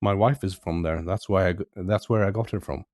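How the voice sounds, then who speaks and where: Swedish man hosting a podcast, low voice, deadpan, dry close sound. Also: fairly quick, dry recording. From Sweden. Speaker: podcast host. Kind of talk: casual chat.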